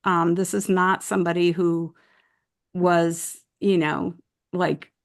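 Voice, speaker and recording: An older woman hosting a video-call chat, telling a story slowly and deliberately, with frequent restarts. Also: lowish voice, level tone. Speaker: host.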